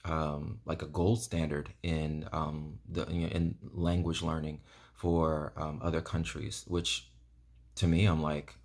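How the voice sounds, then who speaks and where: A man's voice: rumbling low, flat delivery, measured pace, a little mellow. A man talking casually to camera in a vlog, rambling earnestly with lots of ums and you-knows. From United States. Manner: earnest and enthusiastic. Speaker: vlogger.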